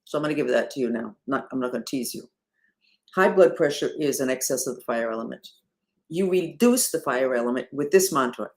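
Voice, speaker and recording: A woman, a spiritual movement leader, talking casually and rhetorically to her followers, swinging between emphatic and hushed delivery. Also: a bass voice, animated, fairly quick.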